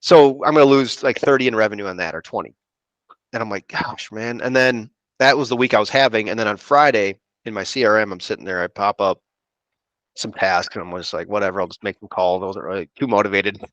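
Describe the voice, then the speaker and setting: A man's voice: on the low side, quick pace, fairly bright tone, no echo, lo-fi sound. A man, an insurance producer telling a rambling story on a podcast and acting out what people said to him. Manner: rambling, quotes people in his stories. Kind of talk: casual storytelling chat.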